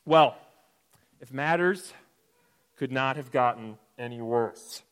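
A man's voice: medium pitch, slow, a bit bright, clear, resonant tone. A young man teaching a playful, jokey Bible lesson to children, often asking the audience questions. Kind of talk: lively kids' Bible lesson.

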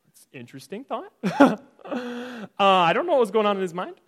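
A man with a high, very lively voice that jumps all over as he teaches a children's Bible lesson. He tells the story in a playful, jokey way and keeps calling on the kids to join in. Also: normal speed. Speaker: Sunday school teacher.

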